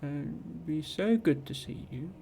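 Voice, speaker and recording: With slight background noise behind him, a man talks at a measured pace in an animated, dark voice on the higher side. He's a Somerset streamer with a generic Southern English accent, rambling, self-deprecating, and reading out viewer messages.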